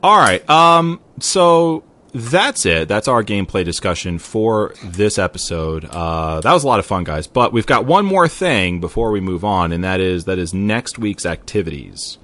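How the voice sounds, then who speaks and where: A man hosting a casual gaming podcast, chatty and easily excited, with loose mild swearing. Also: lowish voice, normal speed. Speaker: podcast host.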